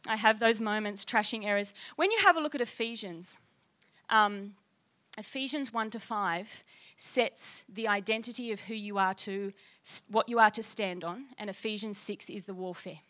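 A woman pastor preaching a passionate, animated sermon, often putting questions to the congregation and acting out quoted voices. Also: medium pitch, normal speed. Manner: teacherly, acts out little voices for quoted people.

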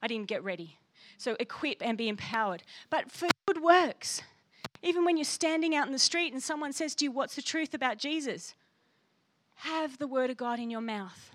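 A woman's voice: high-pitched, animated, normal speed, fairly bright tone. A woman pastor preaching a sermon with passion and emphasis, reading scripture aloud.

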